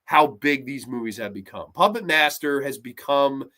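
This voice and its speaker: A man reviewing horror films on his own show, talking casually with heavy swearing and lively swings in his delivery. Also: medium pitch, normal speed. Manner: profane, animated, mocks scenes in put-on voices. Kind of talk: casual solo film review.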